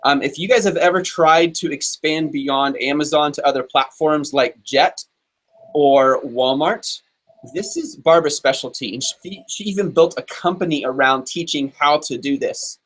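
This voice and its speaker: A man's voice: on the high side, a bit bright. Upbeat man hosting a live show. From Texas. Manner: upbeat, chatty, quick asides. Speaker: host.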